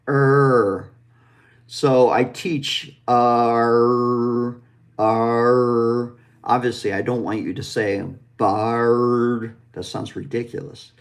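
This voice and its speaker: A man gives a pronunciation lesson at a slow, deliberate pace. He speaks directly to the learner with plenty of encouragement. He draws out sounds so they can be repeated back to him. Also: mid-range voice. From United States. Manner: demonstrative, stretches out drawn sounds for practice. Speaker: pronunciation teacher.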